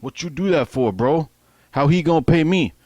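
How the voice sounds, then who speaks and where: A man's voice: medium pitch, normal speed, no room sound, voice pushed up, close to an everyday voice. A man voicing a big, intimidating male drug kingpin who talks in blunt island slang. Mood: menacing. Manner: blunt, direct questioning, slangy.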